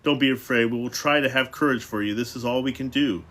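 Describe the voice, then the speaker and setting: A man reading the part of a worried, gentle and protective father, speaking earnestly. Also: medium pitch, quick pace, natural voice. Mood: tender.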